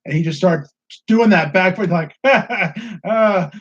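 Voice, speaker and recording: A man with a slightly high voice chats as co-host, dropping teasing, dry remarks. The sound is a bit muffled and lo-fi. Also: takes it slowly. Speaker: wrestling review co-host. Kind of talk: casual chat. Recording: dull lo-fi sound.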